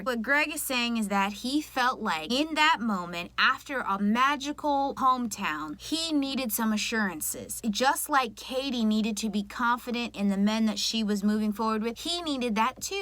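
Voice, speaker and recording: A woman's voice: a little high, expressive, normal speed, pushed and bright, no room sound. A woman giving sassy, slangy, opinionated commentary in a casual recap vlog, recorded at home late at night. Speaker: reality TV recap vlogger.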